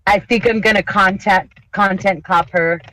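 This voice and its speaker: A woman's voice: mid-range voice, measured pace, no echo, poor audio. Ranting young woman, dry close mic. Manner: animated, profane ranting with mocking quoted voices. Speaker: podcast co-host. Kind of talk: casual chat.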